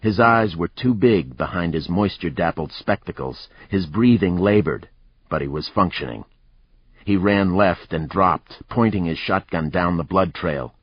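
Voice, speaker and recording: A man narrating a thriller audiobook in a measured, even storytelling manner. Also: low voice, slightly rough, no echo. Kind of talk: scripted narration. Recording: dry, slightly muffled recording.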